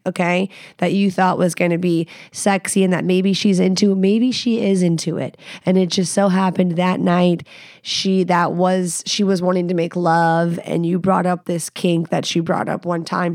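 A woman's voice: on the low side, darkish tone, no echo, clean studio sound. A woman hosting a podcast, giving frank, profane and playful sex advice in a casual way. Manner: blunt, profane, playful, laughs at her own jokes. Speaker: podcast host.

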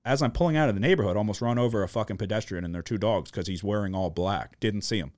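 A man's voice: lowish voice, fast, darkish tone, dry recording, clean studio sound. A young man hosting a podcast, telling a chaotic story in casual chat, with lots of swearing and filler words.

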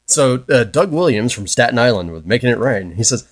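A man's voice: mid-range voice, expressive, fairly quick, few pauses, dry recording. A man co-hosting a podcast, telling brewing disaster stories and reading listener letters in a dry, wry way. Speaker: podcast co-host.

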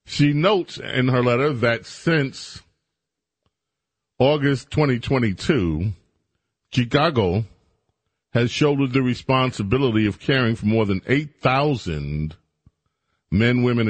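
Male talk radio host, husky voice, dry studio sound, faint music bed; sarcastic folksy monologue. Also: medium pitch, lively intonation, slow pace, no echo. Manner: sarcastic, folksy, mocking asides.

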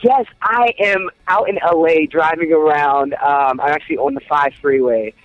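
A man's voice: a little high, moderate pace, no echo, soft background music. A man from Pittsburgh calling in from his car as co-host, chatting with upbeat, slangy enthusiasm. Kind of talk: casual chat. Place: car on the freeway. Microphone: phone call. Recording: tinny phone line.

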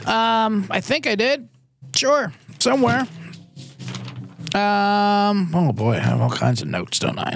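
Rambling, gravelly-voiced man hosting a podcast. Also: high-pitched, huge pitch swings, a little slow, a bit bright. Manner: rambling, jokey, self-interrupting. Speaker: podcast host. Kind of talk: casual comedic sports betting talk.

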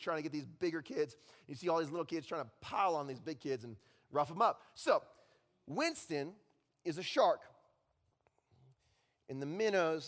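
A man's voice: on the high side, long reverb tail. A man in his thirties preaching a sermon, telling a story and checking in with the crowd, with okay and all right. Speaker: pastor.

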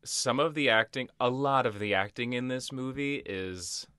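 A man talks at a middle pitch, recorded dry and close. He co-hosts a podcast and walks his partner through the plot in a measured, agreeable way. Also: pushed and bright, clear, resonant tone, dry recording. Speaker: podcast co-host. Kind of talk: casual film discussion.

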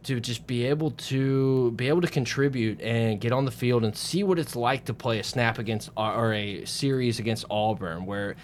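A young man co-hosting a sports podcast, joking and bantering in casual chat. His voice sits at a mid pitch over a faint background hiss. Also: normal speed, hardly any pauses. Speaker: co-host.

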